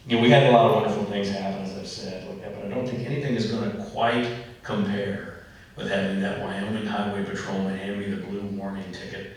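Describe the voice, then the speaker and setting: A man with a fairly low voice spins loose, folksy stories for an audience, leaning on fillers and asides. He sounds set back from the mic, and the room throws a heavy echo around every word. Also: level tone, fairly quick, darkish tone. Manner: folksy, rambling anecdotes with many fillers. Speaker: author speaking at an event. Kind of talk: storytelling talk and Q and A. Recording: roomy echo, voice far from mic.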